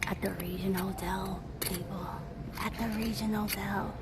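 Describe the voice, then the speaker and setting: A woman in her thirties from Taiwan, speaking with an American accent, vlogs from a hotel room, chatting casually and laughing between swear-filled stories. Her voice is medium-pitched with little pitch movement at a moderate pace. The recording has a noisy background.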